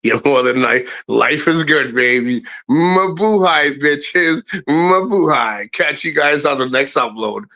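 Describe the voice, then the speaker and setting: Man, middle-aged, live stream host, bright forceful voice, casual profane storytelling. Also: moderate pace, gravelly, hardly any pauses, poor audio. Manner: animated, swearing, voice jumps high for quoted lines.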